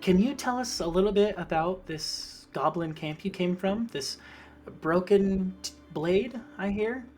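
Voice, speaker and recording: Game master playing a soft kindly healer, halting speech, faint music behind. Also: mid-range voice, pitched above the performer's own voice, close to an everyday voice. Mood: gentle. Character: gentle female healer.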